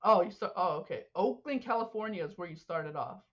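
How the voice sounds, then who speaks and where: A young man hosting a casual interview, eager and quick to laugh. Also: high-pitched, lively intonation, a bit bright, dull audio. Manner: eager, laughs often, lots of backchannel. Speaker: host.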